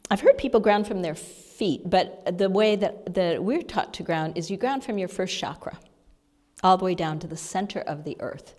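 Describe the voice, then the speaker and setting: Woman minister, low-pitched, soft and halting, chatty sermon in a reverberant church hall. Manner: soft, halting storytelling with breathy asides and laughs. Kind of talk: conversational sermon lesson. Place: church hall, seated before the congregation. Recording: long reverb of a large hall.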